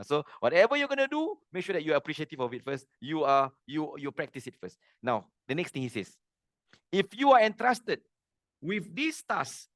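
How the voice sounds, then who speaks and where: A middle-aged man teaching a religious lesson, earnest and plain-spoken, with animated delivery. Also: mid-range voice, no echo, studio quality.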